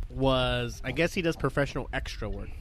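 A man's voice: medium pitch, lively intonation, moderate pace, a crowd in the background. A young man co-hosting a casual chat, rambling through a story and cursing freely. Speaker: podcast co-host.

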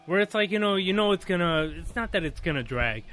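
A man's voice: sits high, animated, a little fast, fairly bright tone, soft background music. A man in a casual podcast chat who rambles, with a lot of "like" and "you know". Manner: rambling, heavy use of fillers like "you know".

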